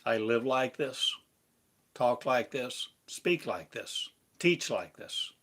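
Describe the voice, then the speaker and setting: A man giving a meditative spiritual lesson, speaking in slow, repetitive, incantatory phrases. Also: medium pitch, expressive, fairly bright tone. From United States. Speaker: spiritual teacher.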